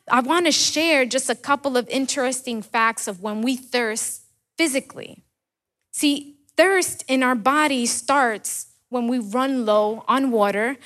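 Higher-pitched woman preaching with questions. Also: fairly bright tone. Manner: rhetorical questions and repetition. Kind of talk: sermon.

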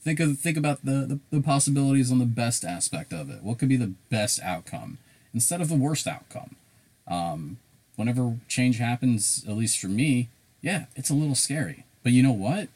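A man talking on a casual podcast, his voice sitting at an ordinary middle pitch. He tells stories with energy and plenty of swearing. He keeps it loose and conversational. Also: normal speed. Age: adult. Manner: animated, profane storytelling. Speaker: podcast co-host.

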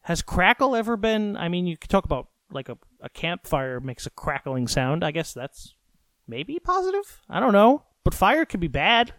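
A man's voice: sits high, very animated, moderate pace, fairly bright tone, no echo, clean studio sound. A man hosting a podcast alone, rambling and joking with plenty of swearing in a casual late-night monologue. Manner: rambling, profane, jokey. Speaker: podcast host. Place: recorded at home late at night.

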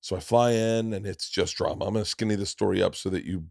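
Animated profane male storyteller. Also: low voice, fast talker, creaky, no room sound, studio quality. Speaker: podcast host, comedian. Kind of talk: casual storytelling chat.

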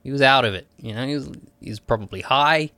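A man's voice: mid-range voice, quick pace, sharp tone, dry recording. A man with an English accent co-hosting a podcast, telling stories in casual chat with dry, joking asides. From England. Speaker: podcast co-host.

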